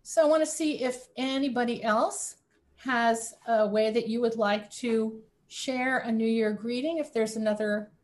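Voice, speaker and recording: A woman leading an online religious service over a video call, inviting people in a gentle, unhurried way. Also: on the high side. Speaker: service leader.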